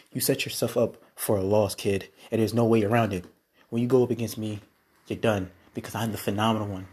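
A man putting on a deep menacing wrestling persona. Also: slightly rough. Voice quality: deep, dark voice. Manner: threatening, boastful promo delivery. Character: menacing male wrestler persona taunting a challenger.

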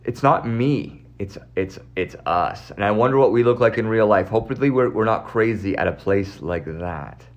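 A man's voice: on the low side, moderate pace, hardly any pauses, dull audio. A man in his forties hosting a live stream, chatting with a caller in a scattered, rambling way, often repeating himself. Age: 40s. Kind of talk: casual live chat with a caller.

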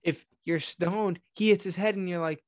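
A man co-hosting a podcast, trading crude jokes and quick banter. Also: high-pitched, fairly even intonation, no room sound, clean studio sound. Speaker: podcast co-host. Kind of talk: casual podcast chat.

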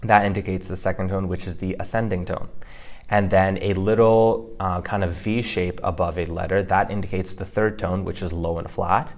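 A man with a very low voice talks through a language lesson in a relaxed podcast manner. He explains patiently and fills his pauses with um and like. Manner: explanatory, with frequent fillers. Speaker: podcast co-host teaching Mandarin.

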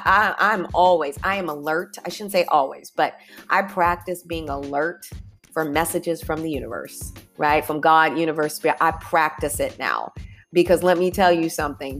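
A woman hosting a casual motivational talk, chatty and upbeat, who calls her listeners y'all and leads them through breathing. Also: on the low side. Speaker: podcast host.

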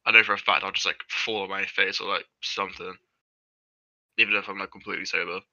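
A man's voice: low-pitched, little pitch movement, fast talker, pushed and bright, dull audio. A young man with an English accent, a podcast guest chatting casually, laid-back, self-deprecating and swearing often. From England. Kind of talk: casual chat.

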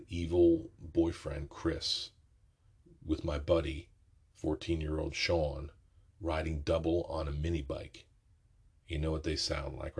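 A middle-aged man telling a rambling, profane story from his youth, often correcting himself mid-sentence, with a raspy voice. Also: extremely low pitch. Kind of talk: casual storytelling.

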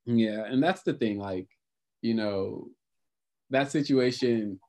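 A man chatting casually about his past work as a supervisor, relaxed and conversational. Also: medium pitch, slow pace. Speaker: former housing supervisor. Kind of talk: casual chat.

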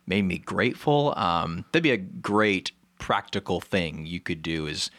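A man co-host speaks in a warmly encouraging, earnest way during a podcast chat. His voice is very deep and the recording is close and dry. He often drops in soft affirmations. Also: measured pace, dry recording.

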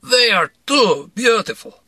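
A man voicing a clownish, boastful tycoon who speaks slow, showy broken English. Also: very high voice, big pitch swings, pushed and bright, slightly rough, no room sound, clean studio sound, voice pushed up, full character voice. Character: swaggering Russian male tycoon, clownish and boastful.

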